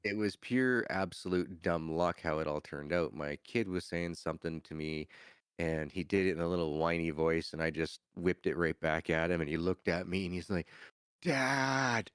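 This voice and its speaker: A man's voice: sits low, fairly even intonation, normal speed, clear, resonant tone, no echo, studio quality. A man chatting casually as a podcast guest, rambling and laughing often. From Canada. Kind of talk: casual chat.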